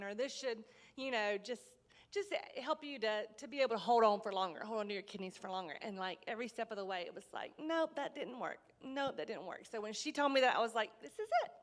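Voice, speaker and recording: A woman speaking as a guest in a casual chat, earnest and halting, with emotional rises as she recounts events. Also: fairly high pitch, in a large hall. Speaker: kidney recipient, guest.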